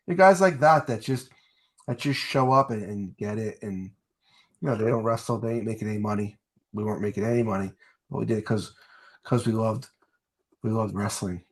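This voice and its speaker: A man from New Jersey, a former wrestler telling stories in a casual interview, rambling and repeating words, getting animated as he goes. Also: mid-range voice. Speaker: guest, former pro wrestler.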